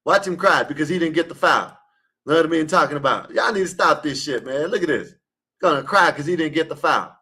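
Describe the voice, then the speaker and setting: A man's voice: a little high, fairly quick, sharp tone, husky. A man calling into an online panel, arguing a sports debate in an emphatic, repetitive way and scolding his listeners. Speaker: caller in an online open panel. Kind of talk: heated casual sports debate.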